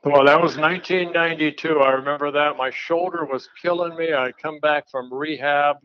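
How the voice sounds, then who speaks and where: A man, a former pitcher, telling blunt, folksy anecdotes in a casual chat, with an occasional chuckle. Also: fairly even intonation, normal speed, dry recording. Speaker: retired pitcher, guest storyteller. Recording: dull, lo-fi dry sound.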